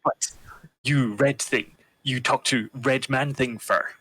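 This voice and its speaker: A man's voice: mid-range voice, steady tone, slow pace, sharp tone, husky, no echo, heavily acted, rough recording. A man voicing a small creature in broken speech. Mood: puzzled. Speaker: player.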